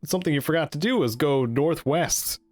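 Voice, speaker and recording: A man's voice: a little high, brisk, darkish tone, no echo. Rambling male podcast co-host, dry sound. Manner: rambling, many ums and restarts. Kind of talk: casual podcast chat.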